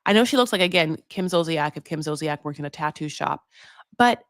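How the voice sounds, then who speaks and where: A woman's voice: low-pitched, animated, a little fast, dry recording, studio quality. A woman giving a casual, rambling recap of a reality show, full of "like" and "you know". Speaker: recap vlogger.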